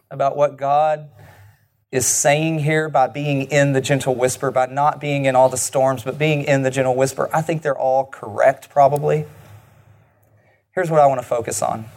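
A man preaching a sermon in an earnest way, slowing down and dropping his voice low and soft on key lines.

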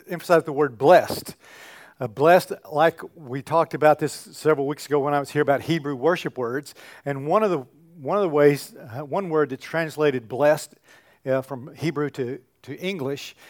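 A man teaching a church class on a psalm, animated and halting, rising to loud bursts of emphasis. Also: a little high. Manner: halting, with restarts and fillers.

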